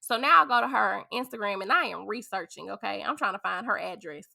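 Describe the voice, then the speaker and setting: A woman from St. Louis, a podcast guest and beauty business owner, telling a story in a chatty, animated way. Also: mid-range voice, fast, vocal fry. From St. Louis, USA. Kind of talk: casual storytelling.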